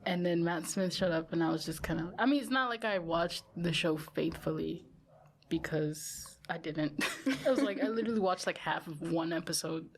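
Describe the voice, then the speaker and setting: A young woman with a slightly low voice co-hosts a casual podcast. She's easygoing and adds short asides, often chuckling along. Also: normal speed. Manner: laid-back, chuckling asides. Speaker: podcast co-host.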